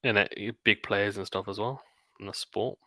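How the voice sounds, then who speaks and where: Bright-toned man calling tennis. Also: on the low side, no echo. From Britain. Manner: rapid calls of the rally mixed with quiet chatty asides. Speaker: stream commentator. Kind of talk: live play-by-play commentary.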